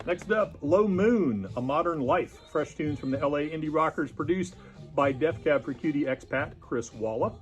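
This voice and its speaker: A young man with a fairly high speaking voice runs through new vinyl releases in a loose, jokey way. Soft music plays in the background behind him. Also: lively intonation, normal speed. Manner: jokey, slips into mock accents. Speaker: record store co-host. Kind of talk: casual new-release rundown.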